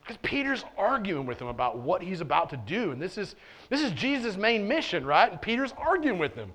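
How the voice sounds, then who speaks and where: A man preaching a sermon with a slightly raised pitch. He talks loosely and conversationally, using many fillers and restarting sentences, and he drops in playful asides. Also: very animated, fairly quick, a bit bright. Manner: casual and conversational, with frequent "like" and restarts; playful asides and short laughs while preaching. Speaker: pastor. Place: church.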